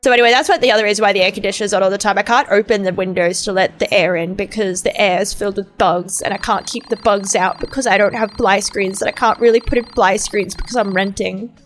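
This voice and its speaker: A woman's voice: mid-range voice, steady tone, quick pace, few pauses. Sweary rambling streamer woman. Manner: rambling, sweary ranting with lots of fillers. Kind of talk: casual gaming stream chat. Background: faint game music.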